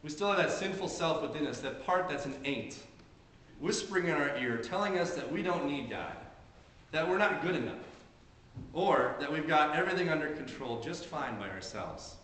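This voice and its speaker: Bright-voiced pastor in an echoey church. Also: male voice, on the high side, expressive, normal speed, a little hiss or hum. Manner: earnest, conversational preaching with homely stories. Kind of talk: sermon. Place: church sanctuary during a service. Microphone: handheld camcorder in the congregation. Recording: very echoey church, camcorder audio.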